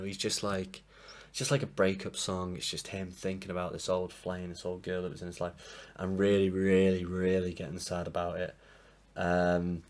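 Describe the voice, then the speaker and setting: A low-voiced man, in his late twenties, talks through a music ranking from his desk mic. He rambles and sounds sleep-deprived, and he is quick to put himself down and apologise. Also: steady tone. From England. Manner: rambling, self-deprecating, apologetic. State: tired from lack of sleep. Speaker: music reviewer. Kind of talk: casual album ranking monologue. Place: home room at a desk. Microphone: desk mic propped up, sometimes knocked.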